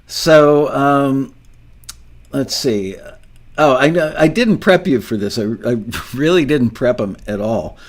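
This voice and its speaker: A man's voice: mid-range voice, lively intonation, slow. An older man hosting an interview, telling a long story in a rambling, self-deprecating way and laughing often. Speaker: podcast host.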